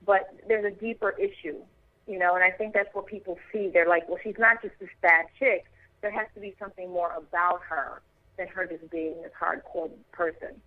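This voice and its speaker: A woman's voice: lowish voice, steady tone, normal speed, no echo. A woman from Chicago, an actress, chatting casually in an interview with many fillers and restarts. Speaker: actress guest. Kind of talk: casual interview over the phone. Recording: tinny phone line.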